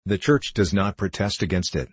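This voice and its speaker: A man's voice: sits low, moderate pace, husky, no room sound. A man voicing a remorseless, cutting debater. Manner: forceful, cutting, insistent. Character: fierce, remorseless male socialist debater.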